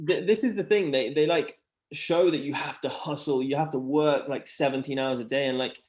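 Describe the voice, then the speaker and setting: A man's voice: medium pitch, normal speed, a little mellow. Man, earnest, rambling chat, echoey room. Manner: earnest, rambling, many "like" fillers. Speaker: podcast guest. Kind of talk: casual chat. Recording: roomy echo.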